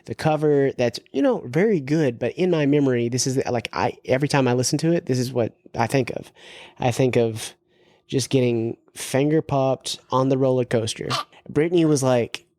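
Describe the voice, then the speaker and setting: A man's voice: medium pitch, normal speed, a little mellow, dry recording. A man co-hosting a podcast, chatting casually and jokingly about a movie with lots of fillers. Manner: rambling, joking, full of fillers. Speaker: podcast co-host.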